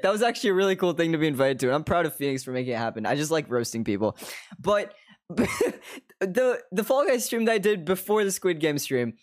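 A young man talking to his stream from a desk at home, his pitch leaping up and down with lively energy. He swears constantly, breaks into laughs often, and slides in and out of put-on accents as he rambles. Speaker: live streamer. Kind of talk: casual stream chat.

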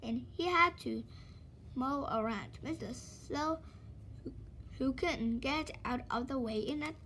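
Brief: woman storyteller, high voice, expressive children's book read-aloud. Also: slow, a little hiss or hum. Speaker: storybook reader.

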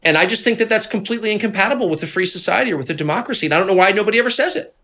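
A middle-aged man from Washington, D.C., a guest telling stories in a candid conversation, moving between low asides and emphatic outbursts. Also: lively intonation, racing, sharp tone.

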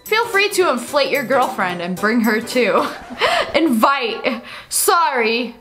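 A woman's voice: high voice, very animated, slow, a bit bright, soft background music. A young woman hosting a video, reading funny texts aloud and reacting with frequent laughter and mocking voices. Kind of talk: casual reaction commentary.

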